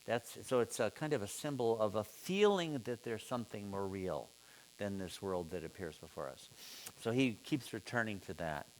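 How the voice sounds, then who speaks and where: A man leading an informal seminar, musing aloud and putting questions to his students in a relaxed way. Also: fairly low pitch, moderate pace, a little hiss or hum. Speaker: seminar teacher.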